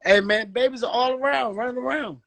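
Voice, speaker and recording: Excitable man roasting a friend. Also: extremely high pitch, gravelly, poor audio. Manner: fast, excitable roasting with laughter. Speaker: live stream host. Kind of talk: joking banter. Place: home.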